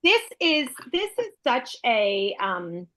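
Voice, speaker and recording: A woman's voice: a little high, very animated, takes it slowly, fairly bright tone. A middle-aged woman real estate broker hosting a casual chat, talking in a chatty, enthusiastic way and thinking aloud. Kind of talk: casual video call chat.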